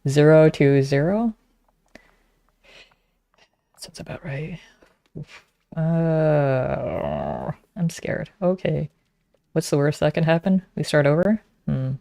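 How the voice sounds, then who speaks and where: A woman's voice: sits low, very animated, slow, vocal fry, dark tone, dry recording. A woman streaming a game, chatting casually and teasing her viewers.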